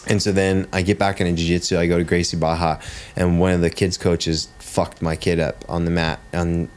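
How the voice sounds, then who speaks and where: Very deep-voiced blunt man telling stories. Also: little pitch movement, fairly quick, a little mellow. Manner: blunt, swears freely, says "dude" often. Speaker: jiu-jitsu coach and father. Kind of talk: casual podcast storytelling.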